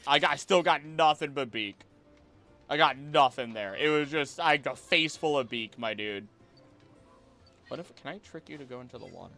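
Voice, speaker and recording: A man's voice: mid-range voice, bright, forceful tone. A young man streaming a game live, chatting playfully with his viewers and the creatures on screen. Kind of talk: live gameplay commentary.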